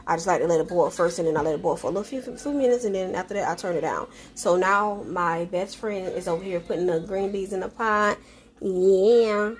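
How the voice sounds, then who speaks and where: Chatty woman cooking vlogger. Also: mid-range voice. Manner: chatty, folksy, calls viewers baby and y'all. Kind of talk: casual cooking vlog.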